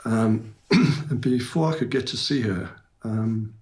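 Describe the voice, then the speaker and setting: A middle-aged man in a group healing workshop sharing the loss of his mother, hesitant and full of pauses. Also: medium pitch, a little mellow. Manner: hesitant, with many pauses and fillers. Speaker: workshop participant. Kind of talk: sharing a personal memory with a group.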